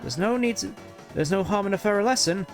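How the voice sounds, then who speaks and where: A man's voice: high voice, animated, quick pace, soft background music, pitched above the performer's own voice. A man doing Ralsei, a sweet shy fluffy prince. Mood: encouraging. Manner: soft, polite, hesitant with little ums. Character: gentle shy young fluffy goat prince. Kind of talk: video game voice-over reading.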